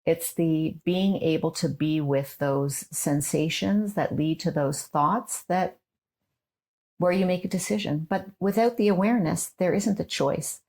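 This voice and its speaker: Low, gravelly woman, calm and measured. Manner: slow, measured, explanatory. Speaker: neuropsychologist and trauma therapist guest. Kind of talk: interview conversation.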